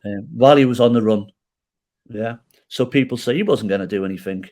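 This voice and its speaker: Middle-aged male guest, medium pitch, lively storyteller who acts out dialogue and keeps checking in with the host. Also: a little fast. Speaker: podcast guest. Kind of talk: storytelling in an interview.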